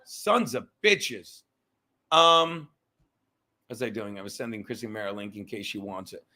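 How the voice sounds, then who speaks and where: A man's voice: lowish voice, normal speed, pushed and bright. A man hosting a livestream, ranting casually in a profane, rambling way and getting easily sidetracked. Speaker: livestream host.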